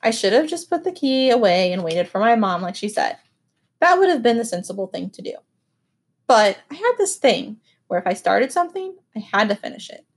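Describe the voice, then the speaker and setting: Expressive woman narrating an audiobook. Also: a little high, a little fast, husky. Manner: expressive, animated storytelling. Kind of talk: scripted first-person audiobook narration.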